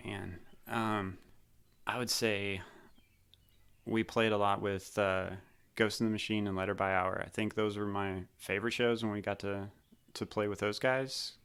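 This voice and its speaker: A man's voice: on the low side, little pitch movement, a little slow, fairly bright tone, clear, resonant tone. A man in his thirties from Missouri, a former drummer telling laid-back, rambling stories in a casual interview.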